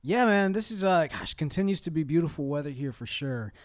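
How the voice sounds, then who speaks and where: A man's voice: a little high, expressive, brisk. A man co-hosting a podcast, laid-back and joking in casual chat. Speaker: podcast co-host.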